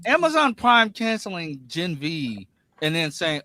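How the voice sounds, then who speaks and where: A man hosting a casual podcast, talking in halting bursts and often restarting his sentences. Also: fairly high pitch, big pitch swings, bright, forceful tone, no room sound. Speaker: podcast host.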